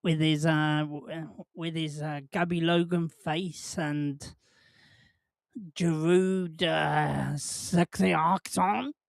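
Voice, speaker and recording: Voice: mid-range voice, fairly even intonation, slow, vocal fry, no room sound, studio quality. A host, chatting casually on a live watch-along stream, rambling and jokey, laughing often and putting questions to the chat.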